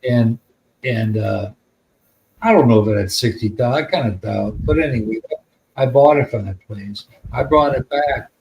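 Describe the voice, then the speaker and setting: A man's voice: medium pitch, moderate pace, gravelly, darkish tone, low-quality recording. An American man telling a long, rambling story in casual podcast chat, with plenty of swearing. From United States. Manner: rambling, profane, laid-back. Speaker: podcast host.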